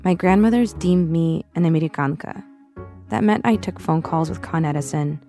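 Young woman, personal essay reading, low voice, vocal fry, soft music behind. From Russia, raised in the US. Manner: reflective, measured, quietly confessional.

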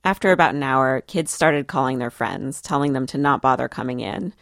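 A woman reporter telling a story in measured, scripted radio narration. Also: extremely low pitch, lively intonation, gravelly, dry recording, studio quality.

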